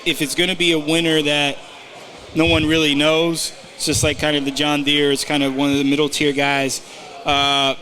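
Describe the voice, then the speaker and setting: A man with a slightly high voice co-hosts a casual podcast and talks through his picks in a loose, rambling way. He often stops to restart a thought or fills a gap with a hesitant "uh". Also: monotone, moderate pace, sharp tone. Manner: rambling, with many fillers and restarts. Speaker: podcast co-host giving betting tips. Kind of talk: casual chat.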